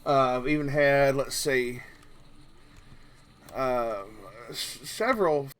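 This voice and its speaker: A man's voice: mid-range voice, slow, a bit bright, a little hiss or hum. A man from Kentucky with a Southern drawl, hosting a casual live stream and rambling along jokingly with lots of fillers. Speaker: livestream host.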